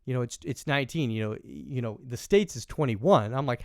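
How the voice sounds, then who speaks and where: A young man from Canada telling a story in casual podcast chat, rambling with many fillers and animated quoting. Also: mid-range voice, a little fast, no room sound, studio quality. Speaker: podcast host.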